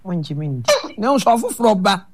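A man with a Ghanaian accent preaching a radio sermon, slow and emphatic, answered by call and response. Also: high-pitched, wildly swooping pitch, husky.

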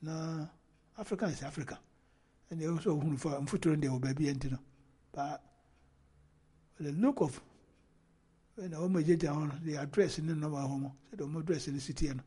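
A man's voice: fairly high pitch, fairly quick, long pauses, dark tone, breathy edge. A Ghanaian man giving casual commentary on a video, switching between Twi and English and reading a news report aloud between remarks. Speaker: online commentator.

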